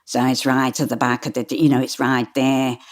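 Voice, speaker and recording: A woman, an audiobook narrator answering interview questions in an animated way, often restarting her sentences. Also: very deep voice, moderate pace. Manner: animated, stumbles and restarts while telling stories.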